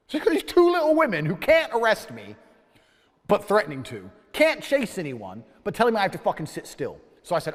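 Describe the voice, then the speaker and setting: A man's voice: fairly high pitch, wildly swooping pitch, quick pace, big-room sound. A man telling a heated, profane anecdote, ranting in exasperation. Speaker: storyteller. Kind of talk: animated anecdote.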